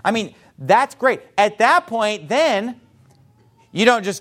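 The speaker is a man whose voice sits high and whose pace is slow. In an animated way, he coaches church members on conversations about salvation, acting out the replies they might hear in varied voices.

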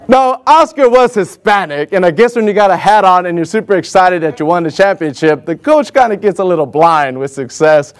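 A man telling a personal story to an audience in an animated way, acting out what other people said. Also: sits high, brisk, hardly any pauses. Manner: animated, acts out other people's lines in raised voices. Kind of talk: personal anecdote told to an audience.

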